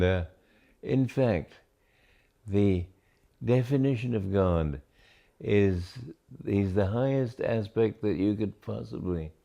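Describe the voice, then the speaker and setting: An older man, a spiritual teacher, giving a reflective talk on scripture, slow and deliberate with many pauses between phrases. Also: fairly low pitch, dark tone, highs cut off.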